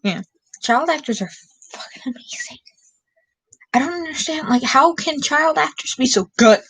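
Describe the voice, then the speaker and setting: A woman's voice: high-pitched, lively intonation, moderate pace, fairly bright tone, no echo, rough recording. A young woman streaming late at night, chatting casually and rambling with lots of filler words.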